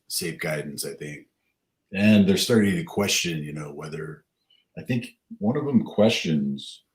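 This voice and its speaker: Male podcast guest, extremely deep voice, soft and understated. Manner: quiet, low-key and agreeing. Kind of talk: casual podcast discussion.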